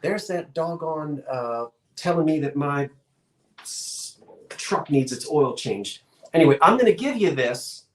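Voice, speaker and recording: A man's voice: on the high side, expressive, measured pace, echoey room. A man hosting a live-streamed online auction, talking in a chatty, folksy way with rambling asides. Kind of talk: live-streamed sale, casual chat.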